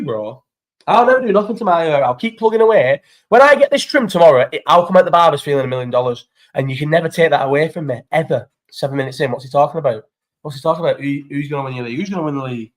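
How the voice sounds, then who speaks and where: Young scouse lad rambling and swearing through a live chat on his phone, voice a bit on the high side. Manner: sweary, rambling, excitable banter. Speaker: live stream host. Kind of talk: casual live chat reading out viewer comments.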